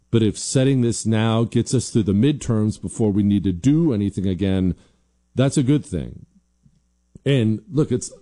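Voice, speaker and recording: A man's voice: lowish voice, warm tone. A man hosting a commentary show, talking emphatically and combatively, repeating his points for stress. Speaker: political commentary host. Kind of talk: opinionated commentary.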